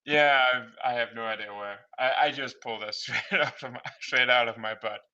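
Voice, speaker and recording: Sharp-voiced man on a dull lo-fi mic. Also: medium pitch, brisk. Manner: amused, stammers on first words. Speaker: player. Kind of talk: playing a tabletop game over voice chat.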